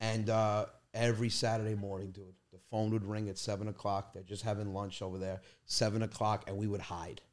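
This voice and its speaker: A man in his thirties, a comedian telling funny family stories on a podcast, animated and laughing as he talks. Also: on the low side, a little fast, hardly any pauses. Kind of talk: comic storytelling.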